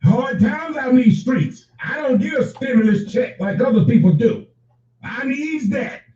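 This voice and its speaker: A man hosting a casual livestream, reading viewer chat aloud and answering chatters by name in an animated, profane way. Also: extremely high pitch, measured pace, distant mic. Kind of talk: casual unscripted livestream talk. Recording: echoey room, off-mic, dull lo-fi sound.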